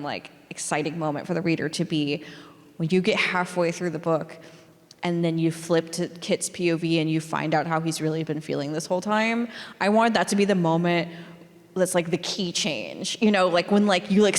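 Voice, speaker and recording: An author guest chatting loosely in a live interview, laughing often and full of fillers. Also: female voice, on the low side, normal speed. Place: library hall before a live audience. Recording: long reverb of a large hall.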